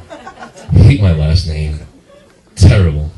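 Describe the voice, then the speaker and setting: A young man from Las Vegas doing a stand-up comedy set in a comedy club, animated, slipping into high squealing voices for the people he quotes. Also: fairly quick. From Las Vegas, Nevada. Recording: echoey club heard from a distance.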